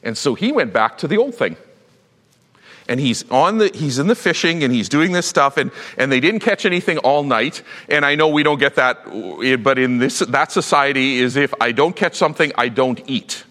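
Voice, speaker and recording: A male pastor preaching a sermon, telling a Bible story with lively acted-out voices. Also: mid-range voice, moderate pace, long reverb tail. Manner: animated storytelling, acts out Bible characters.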